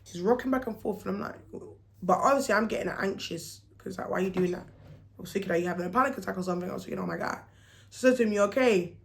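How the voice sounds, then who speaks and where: A woman's voice: medium pitch, racing, vocal fry, slight background noise. A young woman, telling a personal story in a casual vlog and acting out what people said. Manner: animated, acts out quoted dialogue, slangy.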